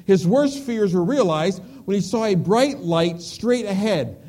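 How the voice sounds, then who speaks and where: A male preacher delivering a sermon, storytelling with emphasis and dropping to a hush on key words. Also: sits high, animated, unhurried.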